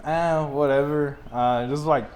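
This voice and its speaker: A young man from Texas, a podcast host, telling a story in a casual, animated way and laughing often. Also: a little high, a little slow. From Texas, USA.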